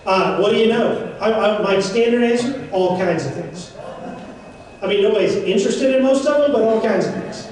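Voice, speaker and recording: A man's voice: very high-pitched, a little fast, few pauses, a little mellow. A man giving a seminar talk, chatty and joking with playful asides. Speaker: seminar speaker. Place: event room. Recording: echoey room, mic far off.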